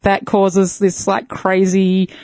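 A woman, a microbiologist guest in casual chat, blunt and quick to laugh, swearing and using technical jargon. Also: medium pitch, completely flat delivery, a little mellow, dry recording.

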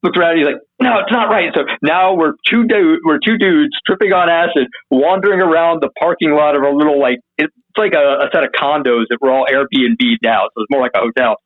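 A man telling a wild story as an interview guest, casual and profane, acting out what people said in a higher voice. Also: brisk, few pauses, narrow, tinny audio. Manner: animated, profane, acts out quotes in a higher voice.

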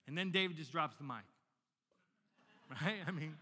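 Bright-voiced man preaching a sermon. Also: on the high side, moderate pace, pauses often, in a large hall. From Northern Virginia, United States. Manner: animated storytelling, repeating words as he restarts. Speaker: pastor.

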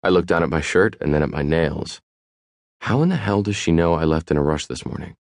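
A man narrating a first-person audiobook in a wry, even storytelling manner. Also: very deep voice, fairly quick, no echo, studio quality.

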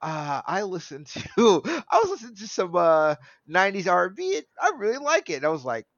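A man's voice: high voice, huge pitch swings, a little fast, fairly bright tone, no room sound, dull audio. A man in his thirties in casual chat, rambling and laughing often. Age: 30s.

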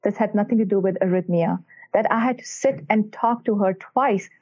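The podcast guest, a woman cardiac electrophysiologist, speaks at medium pitch and normal speed with a dark tone. She answers interview questions earnestly and emphatically and draws on stories about her patients, while the audio carries a tinny phone-line quality.

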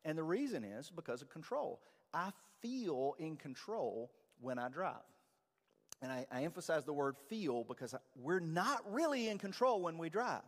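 A man's voice: fairly high pitch, normal speed. Conversational man preaching in a reverberant church. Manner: conversational, self-deprecating, animated. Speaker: pastor. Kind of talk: sermon. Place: church sanctuary.

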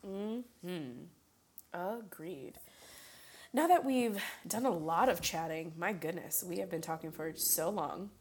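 A woman's voice: lowish voice, slow, a little mellow, slightly rough. A young woman co-hosting a podcast, chatting casually, teasing and laughing often. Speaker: podcast co-host. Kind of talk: casual chat.

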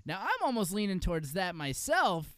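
A man's voice: high-pitched, huge pitch swings, normal speed, fairly bright tone, no room sound. A man co-hosting a podcast in casual chat, talking in a rambling way with many fillers and laughs. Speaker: podcast co-host.

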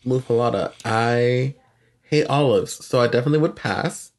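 A man's voice: medium pitch, moderate pace. A man co-hosting a casual chat, asking curious questions with lots of hesitant fillers. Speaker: podcast co-host.

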